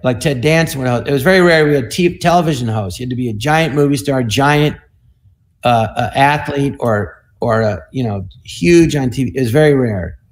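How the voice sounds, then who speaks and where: A man in his sixties, a comedian and guest, telling stories in an animated way and acting out quoted voices over a video call. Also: medium pitch, fairly quick. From United States. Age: 60s. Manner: acts out quoted voices, with repeated "I go" and "he goes". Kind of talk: animated anecdotal storytelling.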